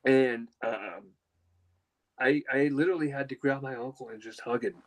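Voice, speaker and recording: A man's voice: medium pitch, moderate pace, poor audio. Young male podcast host, casual and emotional storyteller, rambling delivery. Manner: emotional, rambling with many fillers and restarts.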